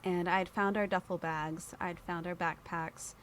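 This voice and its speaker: An unhurried woman with a lowish voice, guesting on a podcast, tells a personal story in spirited conversation and imitates the people she quotes. Slight background noise sits behind her.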